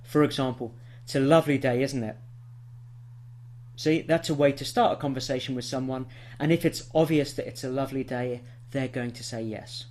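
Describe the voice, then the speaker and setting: A man giving an English lesson in a patient, explaining voice. His pitch sits in the middle of the range for a man, and he talks learners through each point clearly. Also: fairly quick, few pauses, a little mellow. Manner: clear, patient explaining with spoken example sentences. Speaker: English teacher. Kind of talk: scripted lesson to camera.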